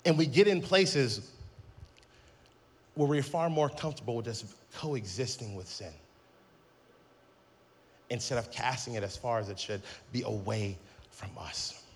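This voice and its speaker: A man's voice: mid-range voice, measured pace, pauses often, slight background noise. A man in his thirties preaching a sermon, telling a funny story and acting out the quotes. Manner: lively storytelling with acted-out quotes and humor. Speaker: pastor.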